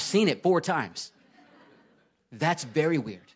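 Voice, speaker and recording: A male preacher in his thirties delivers a sermon in a slightly high voice. He talks earnestly and with emphasis, swelling to loud urgent bursts, then sinking quiet for the scripture passages. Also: normal speed. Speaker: pastor.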